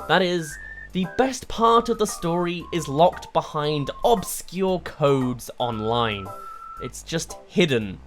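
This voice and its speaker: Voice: medium pitch, expressive, slow, faint music behind. A game reviewer giving a rambling, exasperated video review, full of rhetorical questions.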